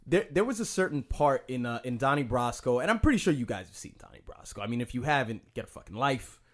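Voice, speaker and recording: A man's voice: mid-range voice, very animated, fast. Rambling, profane podcast guy. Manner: rambling, profane, lots of fillers and restarts. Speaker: podcast co-host. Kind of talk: casual podcast banter.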